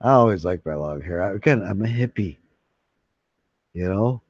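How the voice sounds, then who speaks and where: Mellow-voiced middle-aged man, rambling profanely. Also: low-pitched, moderate pace, long pauses, no room sound. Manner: profane, excitable, full of restarts. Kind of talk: casual rambling monologue. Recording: dull lo-fi sound.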